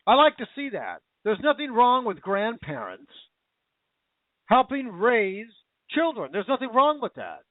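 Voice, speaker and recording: A man's voice: extremely high pitch, huge pitch swings, measured pace, no room sound. A man hosting a talk radio show, ranting with emotion and repeating himself as his anger builds. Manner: angry, emotional, repetitive ranting. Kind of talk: impassioned talk radio monologue. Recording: tinny phone-like sound.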